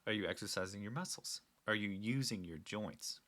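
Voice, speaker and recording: A man's voice: on the low side, moderate pace, pushed and bright. A young man hosting a casual solo talk, rambling and earnest with frequent restarts. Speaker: podcast host.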